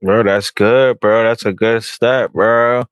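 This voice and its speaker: Chill low-voiced guy on a podcast, dry mic, bro every other word. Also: steady tone, takes it slowly, clear, resonant tone, no room sound. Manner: laid-back, says bro a lot. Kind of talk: casual podcast chat.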